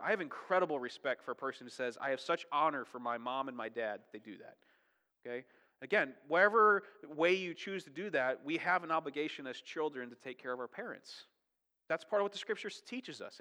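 A man's voice: on the high side, sharp tone, long reverb tail. A man preaching a sermon in a chatty, conversational way, often checking in with "right?" and "okay?". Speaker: pastor.

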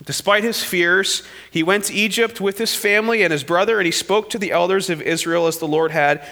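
A man preaching a sermon, retelling the story with animated delivery and voices for the people he quotes. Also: high voice, a little fast, long reverb tail. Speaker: pastor.

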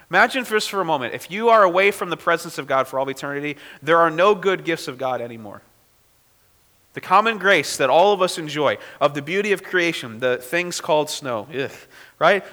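A man delivers a sermon in a church sanctuary, his voice bright and fairly high for a man. He preaches earnestly and with pleading urgency, and the sound rings with a long hall reverb. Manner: earnest, pleading, rising to emphatic outbursts. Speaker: pastor.

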